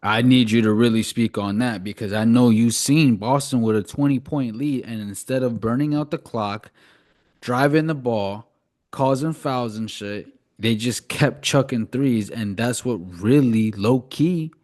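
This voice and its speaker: A man's voice: mid-range voice, unhurried, darkish tone. A young man co-hosting a casual sports podcast, talking bluntly and swearing freely. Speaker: podcast co-host.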